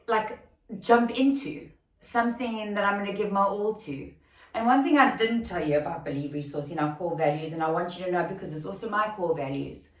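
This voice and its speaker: A woman's voice: lowish voice, distant mic. Woman, casual solo podcast host, chatty, lots of fillers, no studio mic, roomy echo. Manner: chatty, rambling, with many fillers and restarts; grows emotional and excitable near the end. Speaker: podcast host and recruitment company founder. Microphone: no proper podcast mic, recorded without studio gear.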